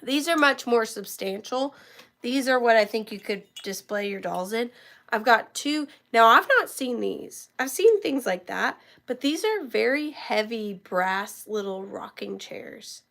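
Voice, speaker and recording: A woman's voice: a little high, lively intonation, unhurried, vocal fry, a bit bright. A woman with a sore throat from talking, running a live-stream auction from home and chatting with viewers by name as she shows each item. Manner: chatty, greets viewers by name while showing items. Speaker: online reseller hosting a live auction. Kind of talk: live-stream selling chat.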